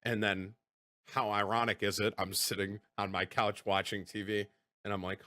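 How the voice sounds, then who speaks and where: A man livestreaming, telling rambling stories to his chat in a casual, animated way and swearing freely. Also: on the low side, moderate pace. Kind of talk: casual storytelling to stream chat.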